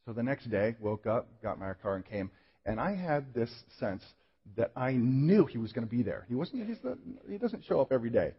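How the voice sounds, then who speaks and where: A male pastor with a somewhat husky voice delivers a sermon as a personal story, earnest and self-deprecating, often restarting his sentences. His voice carries a long reverb, as if it fills a large church hall. The recording sounds slightly muffled. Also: mid-range voice, expressive, a little fast.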